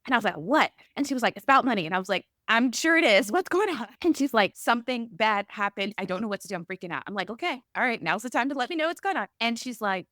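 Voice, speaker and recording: Animated woman telling a story. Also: mid-range voice, no echo, studio quality. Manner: animated storyteller acting out both sides of dialogue. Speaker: podcast co-host. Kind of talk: casual chat.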